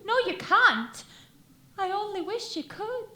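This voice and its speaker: A woman's voice: extremely high pitch, very animated, slow pace, sharp tone, full character voice. A woman playing an earnest young milkmaid torn between duty and love, acting melodramatically on stage. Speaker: stage actor. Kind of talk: amateur stage musical acting. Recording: echoey theater stage.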